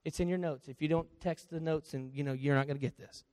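A man preaching a sermon as pastor, swinging between quiet confession and loud storytelling. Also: a little high, fairly even intonation, quick pace, dry recording.

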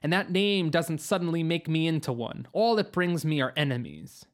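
A woman's voice: low voice, lively intonation, moderate pace. A young man in hiding from a fantasy audiobook, read by the storyteller in her own voice. He sounds defensive and easily flustered.

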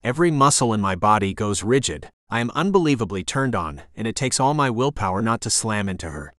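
A man narrating a romance audiobook in the first person, voicing the dialogue of both leads in a lively way. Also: on the low side, a little fast, hardly any pauses, dry recording, clean studio sound.

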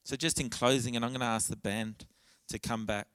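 A man's voice: mid-range voice, fairly even intonation, brisk, a bit bright, no echo. A man preaching a church sermon in an earnest, candid way, often restarting his phrases.

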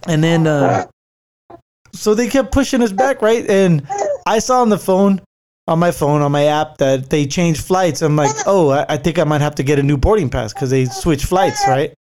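A man's voice: on the high side, moderate pace, darkish tone. A man casually telling a rambling travel story, swearing freely, with lots of fillers and restarts, and laughing easily. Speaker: traveler recounting a work trip.

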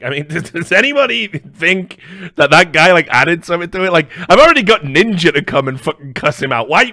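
A man's voice: a little high, bright, forceful tone, dry recording, studio quality. A man reacting to a video on a live stream, mocking and sarcastic, swearing often.

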